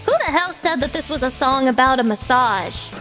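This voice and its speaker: Her voice is high-pitched and expressive, moving at a moderate pace in what sounds like a large hall, with soft music in the background. She's a streamer doing karaoke and bantering with chat, ranting profanely in mock-mourning sarcasm and singing loudly with the tracks.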